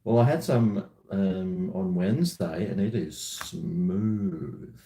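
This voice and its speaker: A man's voice: deep voice, slow, mellow, roomy sound, slight background noise. An Australian man chatting casually on a live stream at home, joking with viewers in a laid-back way. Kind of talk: casual live-stream chat while drinking.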